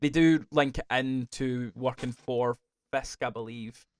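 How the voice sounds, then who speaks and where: A Scottish man co-hosting a casual podcast chat, rambling and animated, swearing freely. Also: mid-range voice, unhurried, clear, resonant tone. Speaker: podcast co-host.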